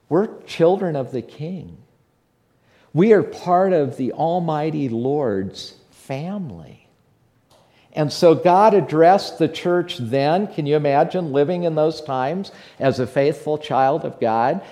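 A pastor delivers a sermon with earnest conviction that builds into fervent emphasis. His voice sits a little high for a man. The tone is mellow and warm. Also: animated, slow pace.

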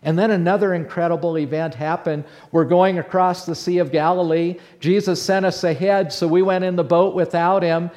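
A man's voice: high-pitched, normal speed, few pauses, natural voice. A man playing Peter, the bold outspoken fisherman. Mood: awed storytelling. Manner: animated storyteller, swinging between hushed and loud. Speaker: preacher in character. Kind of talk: first-person dramatic monologue.

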